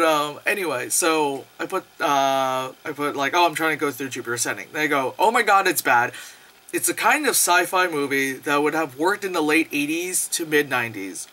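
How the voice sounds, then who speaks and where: Animated, sarcastic movie reviewer ranting. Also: mid-range voice. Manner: animated, profane, sarcastic, laughs often.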